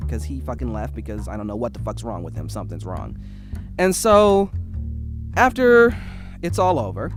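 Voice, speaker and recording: A young man telling a personal story in a casual, heated and profane way. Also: medium pitch. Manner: heated, profane, animated retelling.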